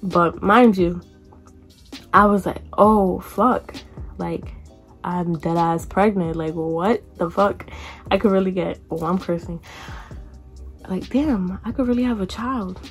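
A woman's voice: fairly low pitch, takes it slowly, pauses often, soft background music. A young woman vlogger telling a casual storytime, chatty, with lots of "like" and some casual cursing. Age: young adult.

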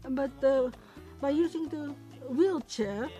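High-voiced woman interpreting, halting delivery. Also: mellow, soft background music, rough recording. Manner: halting, with frequent pauses and fillers. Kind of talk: simultaneous English interpretation of a program.

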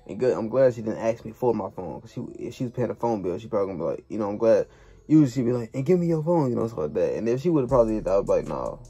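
Husky young man telling a story. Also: fairly low pitch, expressive, racing, dark tone. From Chicago. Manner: slangy, loose, repeats "you feel me". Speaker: storytime vlogger. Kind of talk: casual storytelling to camera.

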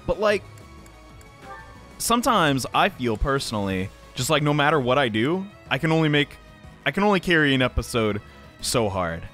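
Lively, bright-voiced young man gaming. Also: medium pitch, moderate pace. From Southern United States. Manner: rambling, self-deprecating, excitable. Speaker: let's play commentator. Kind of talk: casual gameplay commentary. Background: faint game music.

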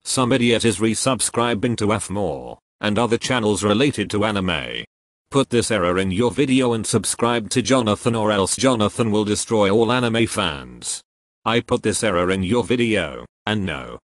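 Low British text-to-speech man. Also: normal speed, no echo. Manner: flat, even synthetic delivery that bursts into loud shouting. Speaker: narrator reading and answering error messages. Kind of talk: comedic text-to-speech reading.

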